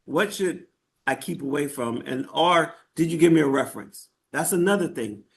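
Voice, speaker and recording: A man's voice: fairly high pitch, animated, moderate pace. Conversational man teaching a live workshop. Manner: conversational, checks in with "right?" and "okay?"; frequent fillers and restarts. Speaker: workshop instructor.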